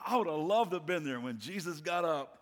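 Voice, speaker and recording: A middle-aged man preaching a sermon as a guest pastor, telling stories in an animated way with playful asides. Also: fairly high pitch, brisk. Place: church auditorium. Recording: long reverb of a large hall.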